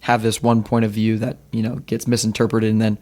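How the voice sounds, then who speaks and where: A man's voice: lowish voice, monotone, a little fast, a little mellow. A man who works as a personal trainer, a podcast guest explaining his views earnestly and using a lot of "like". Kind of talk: casual interview chat.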